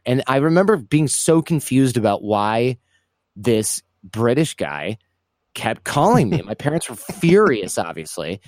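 A man's voice: mid-range voice, unhurried, dry recording, studio quality. A man telling a casual story in an interview, stumbling and restarting, acting out the people he quotes. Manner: animated, acts out quoted voices, restarts often. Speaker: guest recounting his past.

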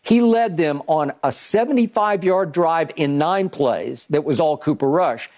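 Speaking a little slowly in a somewhat high voice, this sports debate host walks through plays with emphatic, animated detail. He frequently stops and begins his sentences again.

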